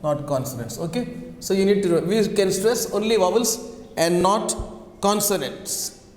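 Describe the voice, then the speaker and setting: A male teacher drills words slowly and repetitively in a classroom lesson on word stress, going back over key words and phrases. His high, slightly mellow voice has lively intonation. There's a little hiss or hum, and the room is echoey with a long reverb.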